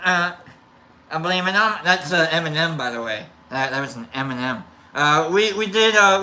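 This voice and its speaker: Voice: mid-range voice, animated, moderate pace, pushed and bright. A live-stream host chatting loosely with viewers, rambling with many restarts and fillers.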